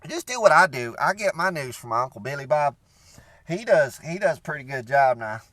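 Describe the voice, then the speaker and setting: A man's voice: fairly high pitch, big pitch swings, fairly quick, pushed and bright, dry recording. A man playing a rambling, beer-drinking redneck, in a comedic character monologue full of "you know".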